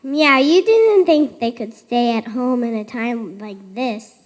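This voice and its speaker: A woman's voice: fairly high pitch, sing-song, slow pace, darkish tone, in a large hall. A woman playing an indignant stable cat. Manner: meows before speaking, indignant and put out. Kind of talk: unrehearsed church pageant acting. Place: church sanctuary.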